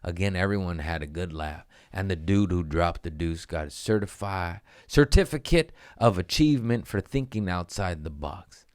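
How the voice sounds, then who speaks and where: A man's voice: low-pitched, expressive, normal speed, few pauses, a little mellow, smooth, no room sound, studio quality. A man hosting a casual comedy podcast, reading listener messages and swearing freely as he acts out the people in his stories. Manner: profane, jumps into goofy voices for quoted people.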